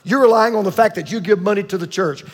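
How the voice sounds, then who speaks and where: A man's voice: high voice, fast, big-room sound. A man preaching a sermon with emphatic delivery, repeating key points and calling on the congregation to answer. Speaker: pastor.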